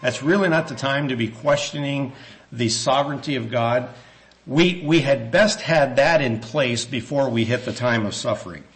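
A man preaching a sermon in a church, earnest and measured, with some hesitant restarts, slowing down when he reads scripture. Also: mid-range voice.

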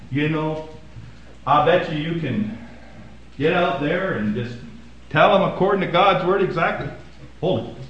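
Male pastor, sermon delivery, high voice, big loud-to-hushed swings, echoey recording. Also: a little slow, pauses often, highs cut off, slight background noise. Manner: dramatic swings from loud emphasis to hushed asides.

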